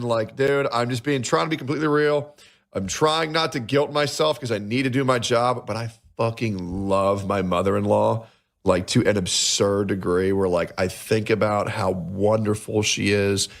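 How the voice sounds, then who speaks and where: A young adult man streaming, talking in an emotional, halting way with frequent stammered restarts. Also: fairly low pitch, gravelly, fairly bright tone. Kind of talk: emotional live-stream monologue.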